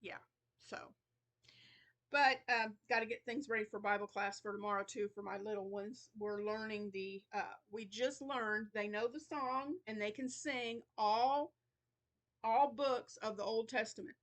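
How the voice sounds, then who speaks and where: A middle-aged woman talks to her viewers in an easy, rambling way, her slightly higher voice carrying a worn-out tiredness. She chats on about her days as host of her own crochet channel. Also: steady tone, measured pace, fairly bright tone. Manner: chatty, rambling, yawns and laughs between thoughts. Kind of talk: casual chat.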